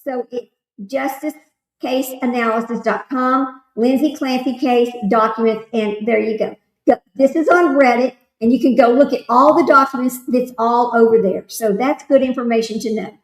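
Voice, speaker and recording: A woman's voice: a little high, normal speed. Chatty woman streaming from an echoey room. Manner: reads aloud, then chats loosely with viewers. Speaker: livestream host. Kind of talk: casual livestream commentary.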